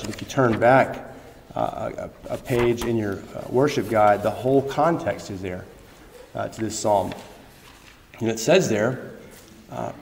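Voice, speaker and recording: A male pastor preaches in a casual, animated way, often restarting his sentences as he leans into a point. His voice sits at an ordinary middle pitch. It rings through a roomy church with a long, trailing echo. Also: measured pace, pauses often, a little hiss or hum. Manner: conversational, animated storytelling with many restarts. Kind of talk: sermon. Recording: echoey hall, long reverb.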